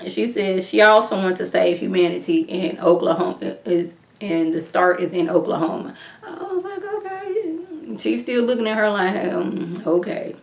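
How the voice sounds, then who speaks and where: A woman's voice: normal speed, vocal fry, few pauses, roomy sound. A woman giving a casual, rambling spoken review of a TV episode from home, full of "like" fillers and incredulous asides. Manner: chatty, rambling, with frequent "like" fillers; animated, with pitch jumps for incredulous reactions.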